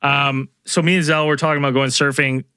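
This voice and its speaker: A man's voice: medium pitch, brisk, clear, resonant tone, no echo. Man, middle-aged, podcast host, casual storytelling, rambling with fillers, dry close sound. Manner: rambling, animated, lots of fillers and restarts. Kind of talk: casual storytelling among co-hosts.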